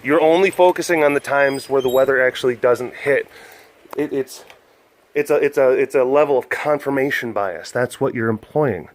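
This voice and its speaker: A man's voice: mid-range voice, moderate pace, no room sound. A young man vlogging at a big cat enclosure, rambling through a story and acting out other voices. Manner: chatty, often acts out other voices, laughs a lot.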